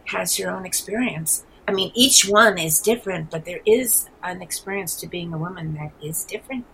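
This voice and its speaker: A woman in her seventies with a New York accent, telling rambling, animated stories as an interview guest. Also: on the low side, moderate pace, gravelly, slight background noise, poor audio. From New York City. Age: 70s. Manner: rambling, animated storyteller with frequent restarts. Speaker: guest artist. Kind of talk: casual interview.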